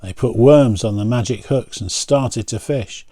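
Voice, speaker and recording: A man, a pastor, reading a picture book aloud and pausing to point out the pictures. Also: medium pitch, mellow, dry recording.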